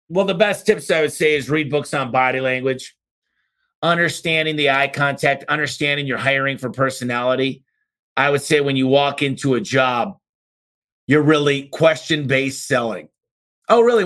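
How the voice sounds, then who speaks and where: Male podcast host, fast and punchy, emphatic bursts, mid-pitched voice, Q&A advice delivery. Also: fairly bright tone. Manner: punchy and emphatic, with sudden exclamations and mock-slow demonstrations; talks fast by his own account. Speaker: podcast host answering listener questions. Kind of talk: energetic business advice Q&A.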